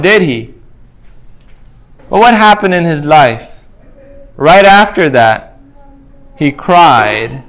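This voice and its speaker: A man's voice: fairly high pitch, fairly bright tone. A man preaching a sermon, earnest and insistent, reading scripture aloud and repeating key phrases for emphasis.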